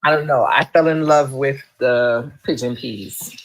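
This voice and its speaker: A woman's voice: a bass voice, measured pace, rough recording. A woman chatting on a live show, easygoing and a little sheepish. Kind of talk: casual chat on a live stream.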